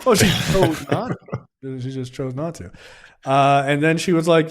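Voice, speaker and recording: A man's voice: fairly high pitch, moderate pace. A man co-hosting a film review podcast, casually recapping scenes and acting out characters' lines.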